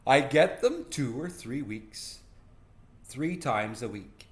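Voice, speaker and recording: Man reading kids' book, slow, lively pitch. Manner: slow and expressive. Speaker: storybook reader. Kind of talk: children's read-aloud.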